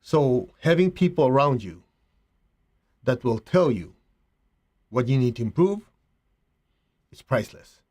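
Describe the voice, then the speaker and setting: A middle-aged man, a spiritual teacher, giving a slow, reflective talk with rhetorical asides. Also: medium pitch, lively intonation, darkish tone.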